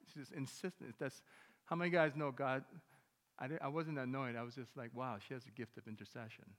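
A man's voice: mid-range voice, fairly quick, a bit bright. A man preaching a sermon as pastor, telling stories in a casual way and acting out the dialogue. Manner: conversational storytelling, acts out dialogue. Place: church sanctuary. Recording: long hall reverb.

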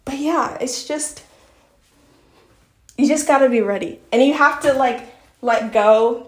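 A chatty woman with a Southern American lilt, her voice sitting a little high as she gushes and rambles through a casual podcast episode. She reads passages from her own book too. The sound is roomy, with noticeable echo off the walls. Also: measured pace, pauses often. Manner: chatty and effusive, with many fillers like "like". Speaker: podcast host.

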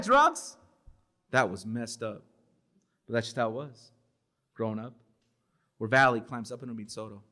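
A man's voice: medium pitch, fairly bright tone. A man in his forties from Los Angeles performing spoken word poetry at a bookstore event, with emphatic, dramatic delivery and Spanish words mixed in. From Los Angeles, USA.

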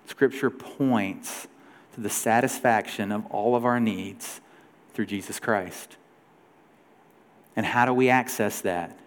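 A man in his forties preaching a sermon as pastor, telling a story in a loose, conversational way with shifting pace and loudness. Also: fairly low pitch, slow, pauses often. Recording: long hall reverb.

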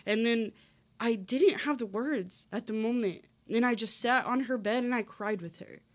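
A woman's voice: fairly high pitch, normal speed. A woman in her twenties talking earnestly in casual conversation, with many fillers. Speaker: guest.

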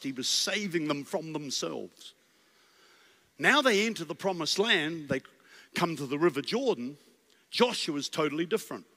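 A man preaching as a guest, animated and full of rhetorical questions and stammered restarts, in a church. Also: high-pitched. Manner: animated, storytelling with acted voices. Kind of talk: sermon. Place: church sanctuary. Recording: long reverb in a large hall.

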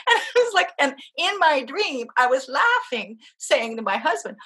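A woman's voice: sits high, sing-song, a little slow, bright, forceful tone. A woman, an interview guest, telling a personal story with strong emotion and frequent laughter. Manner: emotional, laughs often while telling stories.

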